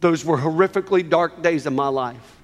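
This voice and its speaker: Middle-aged male preacher, high voice, fervent sermon delivery with repetition, echoing hall. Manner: impassioned, with dramatic pauses and repetition. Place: church hall with an audience. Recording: reverberant hall.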